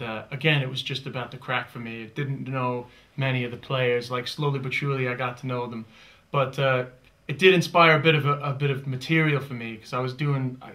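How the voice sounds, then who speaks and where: A man with an American accent, a comedian recalling a story in an interview with rambling pauses. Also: mid-range voice, sharp tone. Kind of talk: interview anecdote.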